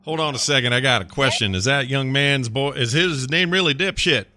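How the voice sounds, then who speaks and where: A man's voice: medium pitch, brisk, pushed and bright, no echo. A man playing a tabletop role-playing game, talking in a drawling, folksy way. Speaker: player.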